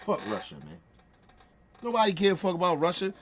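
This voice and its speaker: A man's voice: brisk, pauses often, a little hiss or hum. A streamer host, ranting in profane, confrontational bursts, repeating himself as he reacts to news clips. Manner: calms to low wrap-up at the end. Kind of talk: heated reaction rant.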